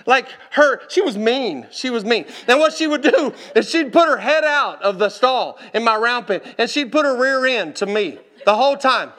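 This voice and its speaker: A man preaching from the pulpit with a high voice and a bright, forceful edge. He tells his story in an animated way, laughing and calling out to the listeners as he goes. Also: normal speed, few pauses. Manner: animated, laughing, calls out to the congregation. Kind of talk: storytelling sermon.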